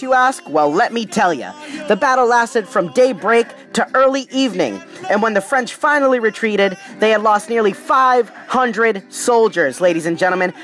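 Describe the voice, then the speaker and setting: A podcast host, a little tipsy, reading history in a casual, playful way with slangy joking asides. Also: mid-range voice. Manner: hyped, playful, streetwise slang, repeats "ladies and gentlemen".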